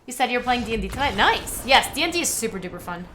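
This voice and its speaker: A woman's voice: fairly high pitch, sing-song, fast, pushed and bright. A young woman giving casual commentary on a card game, chatting with viewers as she plays. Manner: chatty, talks to viewers and chat while playing. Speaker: streamer playing a card game.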